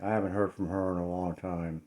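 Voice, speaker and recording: The recording is very noisy as a low-voiced man talks briskly with little pitch movement. He's a paranormal vlogger at home indoors, chatting casually yet hesitantly, clearly uneasy and full of filler words.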